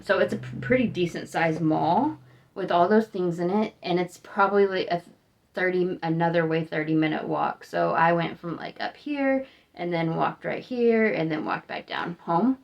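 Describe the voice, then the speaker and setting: A young American woman chatting casually in a vlog, rambling and upbeat, sounding tired. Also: fairly low pitch. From United States. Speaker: vlogger.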